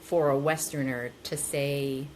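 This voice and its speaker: A woman from the United States, a podcast guest, talking in a casual, reflective way with animated emphasis. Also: very deep voice, a little slow, slight background noise.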